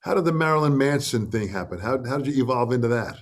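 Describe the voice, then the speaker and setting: A man hosting an interview, asking quick leading questions. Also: mid-range voice, expressive, reverberant. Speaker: interview host.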